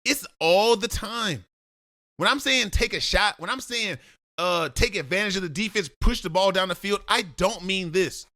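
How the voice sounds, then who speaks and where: A man's voice: high-pitched, normal speed, sharp tone, no echo, clean studio sound. Blunt football film breakdown man. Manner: blunt, lecturing, addresses the player directly.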